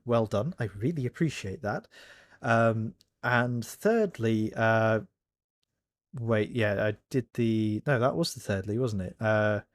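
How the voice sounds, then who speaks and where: A man's voice: on the low side, no room sound, studio quality. Rambling man reacting to a video. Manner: rambling, self-correcting, candid. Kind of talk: casual reaction commentary.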